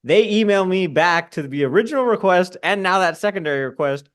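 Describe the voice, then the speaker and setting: Rambling, profane podcast host. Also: male voice, high-pitched, expressive, fast talker, hardly any pauses. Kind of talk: casual sports podcast chat. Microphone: podcast microphone.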